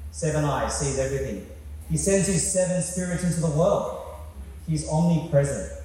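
A man's voice: fairly high pitch, moderate pace, warm tone. A man preaching a sermon, talking in a conversational way and putting questions to the congregation. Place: church hall. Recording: echoey hall from far off.

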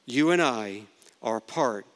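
A man's voice: expressive, slow. A man preaching a sermon, telling a story and acting out the quoted words with sweeping rises and drops. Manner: storytelling preacher, acts out quotes with big pitch swings. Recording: long reverb of a hall.

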